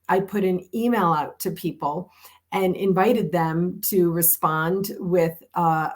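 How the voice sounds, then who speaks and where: An older woman hosts a reflective podcast conversation, her voice sitting a little low. She speaks earnestly and leans on key words, slowing down when she reads aloud. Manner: earnest, emphatic, slows down to read aloud. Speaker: podcast host.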